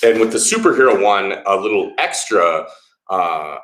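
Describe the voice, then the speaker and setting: A man's voice: low voice, animated, normal speed, fairly bright tone, reverberant. A man co-hosting a fitness channel, reading viewer comments aloud and giving friendly, encouraging replies.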